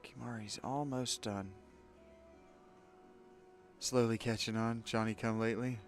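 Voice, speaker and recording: A man's voice: mid-range voice, fairly even intonation, measured pace, soft background music. A man hosting a let's play, giving candid, opinionated gameplay commentary with rambling asides to his viewers.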